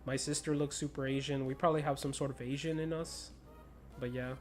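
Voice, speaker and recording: A man's voice: medium pitch, fairly even intonation, fairly quick. Young American male streamer, slight Spanish-influenced accent, easygoing slang-heavy chatter, faint background music. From United States. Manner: laid-back, slangy, laughs often. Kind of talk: casual chat while gaming.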